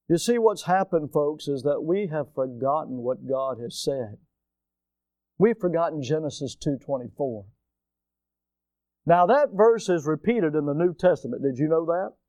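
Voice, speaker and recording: A male pastor delivers an emphatic sermon in a high voice. He swings between rising shouts and sudden quiet drops. The sound is dry and close. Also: no room sound.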